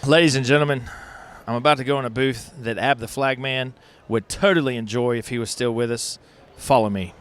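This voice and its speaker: A man hosting an unscripted festival walkthrough, excitable and folksy, talking straight to viewers on a handheld mic. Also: mid-range voice, fairly quick, clear, resonant tone. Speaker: host walking a pottery festival. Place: outdoor festival grounds. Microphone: handheld microphone.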